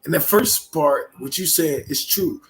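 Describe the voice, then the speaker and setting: A man's voice: fairly high pitch, measured pace, fairly bright tone, poor audio. A man on a live panel, talking bluntly and profanely. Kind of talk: casual live panel chat.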